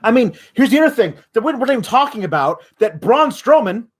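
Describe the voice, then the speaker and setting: A male podcast host vents in an exasperated, profane rant. His voice sits high for a man, and the swearing never lets up. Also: big pitch swings, quick pace, slightly rough. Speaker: wrestling news podcast host.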